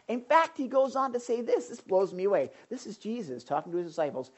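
A woman delivers a sermon in a chatty, emphatic manner, often breaking off to address her listeners directly. Her voice sits at a middle pitch and moves through a very wide, lively range. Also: a little fast, hardly any pauses. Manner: animated, conversational, emphatic with frequent asides. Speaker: preacher.

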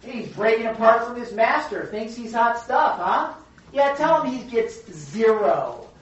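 A woman's voice: fairly high pitch, lively intonation, measured pace, distant mic, voice pushed up. A woman playing a scornful, boastful rich man. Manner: dismissive, mocking. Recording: echoey room from afar, dull.

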